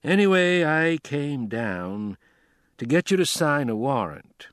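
A man's voice: a little high, lively intonation, slow pace, a bit bright, no echo, studio quality, voice pushed up. A man voicing a blunt, weary sheriff. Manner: plainspoken, listing his reasons. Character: weary small-town male sheriff, blunt.

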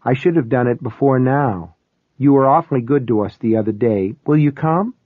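A man's voice: mid-range voice, moderate pace, dry recording, natural voice. A man voicing a nervous, frightened young mother who speaks hesitantly and apologetically. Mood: nervous, apologetic. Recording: tinny, phone-like, dry.

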